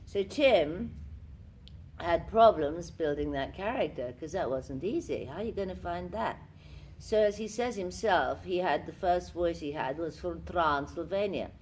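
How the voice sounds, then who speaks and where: A woman's voice: fairly low pitch, expressive, a little slow, darkish tone, slight background noise. An older actress telling theatrical anecdotes in a convention interview, acting out the lines she quotes. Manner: theatrical storyteller who acts out quotes. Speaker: actress guest. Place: convention room.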